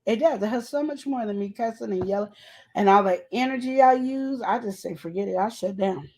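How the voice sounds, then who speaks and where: A woman's voice: mid-range voice, a little fast, mellow. A middle-aged woman co-hosting a podcast, talking casually and animatedly, telling stories from home in a colloquial way. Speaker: podcast co-host. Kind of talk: casual advice chat.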